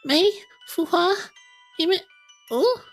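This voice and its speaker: A high, squeaky little principal, put on by a woman reading game dialogue aloud, jumpy and proud. Her voice sits well above the reader's own and swings all over. Faint music plays behind her. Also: lively intonation, very slow, heavily acted. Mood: bewildered. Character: flustered small young female principal, jumpy and proud.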